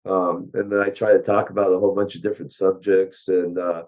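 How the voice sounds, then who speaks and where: An older man, a car engineer, chatting bluntly and ramblingly as an interview guest, his voice hoarse. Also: low-pitched, little pitch movement, a little fast, a little mellow, dull audio. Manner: blunt, rambling, with many fillers. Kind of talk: casual interview chat.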